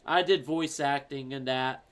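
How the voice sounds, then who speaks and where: A man's voice: medium pitch, a little slow, fairly bright tone. A young man chatting casually on a stream, telling rambling stories with plenty of swearing. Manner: rambling, profane storytelling.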